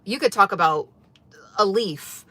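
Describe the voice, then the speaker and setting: A woman streams live to her wellness community, talking casually and earnestly. She leans on fillers and keeps checking in with her listeners. Her voice sits in a middle pitch and sounds close and dry, with no room echo. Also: a little slow, bright, forceful tone. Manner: earnest, emphatic, filler-heavy, often asks "right?". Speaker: wellness channel host. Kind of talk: casual livestream talk to viewers.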